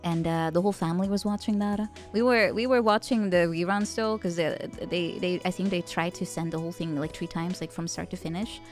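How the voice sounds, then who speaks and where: A woman guest streamer in casual chat, relaxed and quick to laugh. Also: fairly low pitch, soft background music. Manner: relaxed, chatty, laughs easily.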